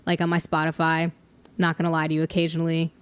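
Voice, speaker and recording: Young woman talking casually on a podcast, kinda low voice, lots of um and like. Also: completely flat delivery, fast talker, clean tone. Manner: chatty, thinks aloud with fillers and laughs. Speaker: songwriter and middle school music teacher.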